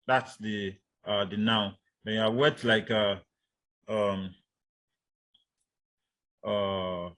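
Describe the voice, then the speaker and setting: A man's voice: lowish voice, fairly even intonation, slow pace, pauses often, pushed and bright. A man teaching English stress patterns in a recorded lecture, hesitant with many fillers and restarts, repeating example words for drill. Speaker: instructor.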